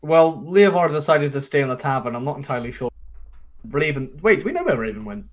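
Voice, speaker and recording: A man's voice: fairly high pitch, big pitch swings, fast. A man voicing a brash, joking male adventurer who leads the party. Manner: crude, swearing, laughing often.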